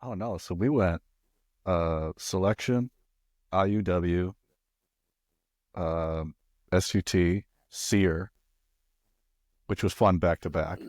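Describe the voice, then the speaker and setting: A male podcast host with a very low voice who speaks in halting, clipped fragments. The recording is dry and close, with no reverb. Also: darkish tone. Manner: halting, short broken phrases. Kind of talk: casual interview.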